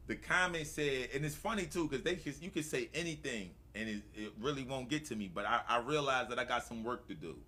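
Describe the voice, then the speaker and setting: A man hosting a morning show, telling stories in a slangy, excitable way and laughing often. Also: medium pitch, brisk, hardly any pauses, a little hiss or hum. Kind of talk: animated storytelling to a live audience.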